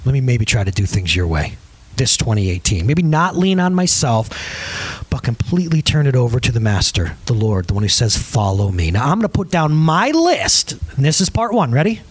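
A middle-aged man preaching a sermon, animated and joking, with big swings between high and low. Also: moderate pace, breathy edge, no echo. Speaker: pastor.

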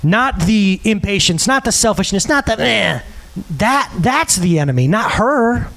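A man's voice: sits high, very animated, unhurried, creaky, a bit bright. A man in his thirties giving a sermon as a pastor, earnest and full of rhetorical questions.

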